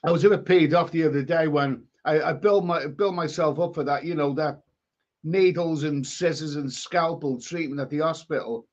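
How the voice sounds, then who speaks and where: A man's voice: fairly high pitch, moderate pace, lo-fi sound. A man with a Scouse accent hosting a live stream, chatting casually and rambling through viewer comments with many restarts. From England.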